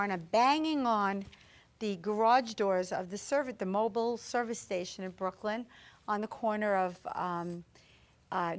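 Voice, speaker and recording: Female psychic show host, emotional storyteller, acts out the voices she quotes, mid-range voice, community TV studio. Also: medium pitch. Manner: emotional, earnest, quick to act out quoted voices. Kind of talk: personal storytelling to a studio audience.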